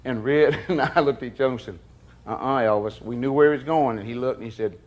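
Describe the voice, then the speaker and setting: An older man telling stories in a documentary interview, folksy and unhurried, often slipping into quoted dialogue. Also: medium pitch, a little hiss or hum. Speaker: interviewee recalling past events.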